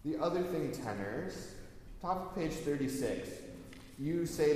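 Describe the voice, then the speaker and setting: A man's voice: a little high, a little slow, a little mellow. Male choir conductor in echoey hall. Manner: gives notes with frequent self-corrections. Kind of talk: rehearsal instruction. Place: rehearsal hall. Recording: very echoey hall, faint noise.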